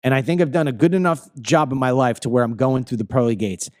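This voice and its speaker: A man's voice: mid-range voice, fast talker, darkish tone, no room sound, studio quality. A man in his fifties with a Long Island accent, hosting an opinion monologue in an emphatic, ranting way that keeps repeating phrases. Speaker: commentary show host.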